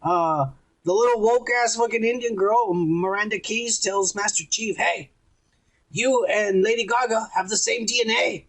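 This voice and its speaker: Husky, crude podcast co-host man. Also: high voice, a little slow, fairly bright tone, rough recording. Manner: crude, rambling, acts out quotes. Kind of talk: casual profane recap chat.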